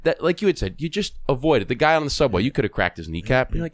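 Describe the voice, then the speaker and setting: A middle-aged man, a podcast host telling a story in casual conversation, animated, acting out quoted voices and restarting often. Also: mid-range voice, very fast, no echo, clean studio sound.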